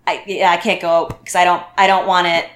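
A woman's voice, on the low side and a little fast, tells a story during casual podcast chat where she's the guest. She's animated, playing out what people said. The sound carries a roomy echo.

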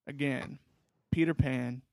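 A man's voice: medium pitch, steady tone, slow pace, gravelly, a little mellow, no room sound, studio quality. A young man casually telling a long story, laid-back and rambling, with frequent swearing. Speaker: podcast host.

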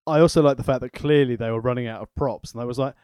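A man's voice: medium pitch, fairly even intonation, quick pace, a little mellow, clear, resonant tone, dry recording. A man co-hosting a casual wrestling podcast, talking with dry, sarcastic wit. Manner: wry, sarcastic commentary.

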